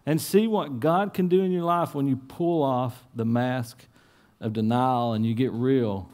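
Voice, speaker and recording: A man delivers a sermon from the pulpit at an ordinary, middle pitch. He sounds earnest throughout. He sinks into quiet, low asides and then climbs into raised, urgent appeals. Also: unhurried. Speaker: pastor. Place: church.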